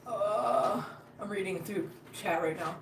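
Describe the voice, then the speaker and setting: A woman's voice: medium pitch, takes it slowly, vocal fry. Chatty woman streaming among her cats. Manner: rambling, chatty, with many fillers and restarts. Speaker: cat rescuer streaming live. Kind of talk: casual live-stream chat. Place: home, sitting on the floor among cats. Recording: roomy home recording, faint background hum.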